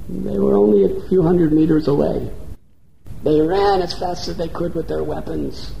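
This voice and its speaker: Man preaching a story, gravelly voice, echoey room, faint background hum. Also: a little high, expressive, normal speed, warm tone. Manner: dramatic, builds with repetition. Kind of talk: sermon storytelling. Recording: roomy echo, faint ambience.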